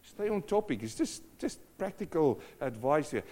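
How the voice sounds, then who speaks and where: A middle-aged man preaching a sermon in a conversational, animated way, acting out little scenes. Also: on the high side, moderate pace. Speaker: pastor.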